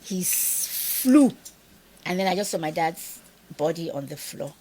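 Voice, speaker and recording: A middle-aged Nigerian woman telling a personal story in an interview, animated and acting out the dialogue of the people in it. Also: on the low side, unhurried, a little hiss or hum. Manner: animated, acts out quoted dialogue. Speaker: guest.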